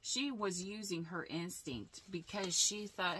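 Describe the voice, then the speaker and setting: A woman doing a casual tarot reading, blunt and animated, swearing freely. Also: on the low side, a little slow, slight background noise. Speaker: tarot reader.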